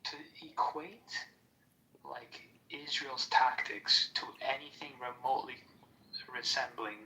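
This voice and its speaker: Heated man with a bright voice. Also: mid-range voice, takes it slowly, low-quality recording. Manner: heated, swearing, lots of fillers. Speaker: podcast panelist. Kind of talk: casual chat.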